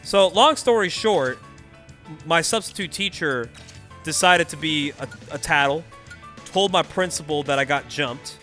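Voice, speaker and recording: A young man from the Bay Area commentates a game tournament in a loose, slangy, animated style. His voice is bright and sits slightly high for a man. Soft music plays faintly behind him. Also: unhurried. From California Bay Area. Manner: animated, slangy, laughing storyteller. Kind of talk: casual storytelling commentary.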